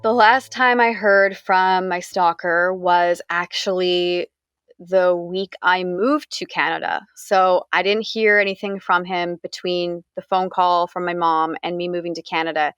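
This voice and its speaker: A woman's voice: on the low side, steady tone, measured pace, a bit bright, clean tone, no echo. A young woman from the United States, candidly recounting a personal story in an interview, talking conversationally with frequent fillers.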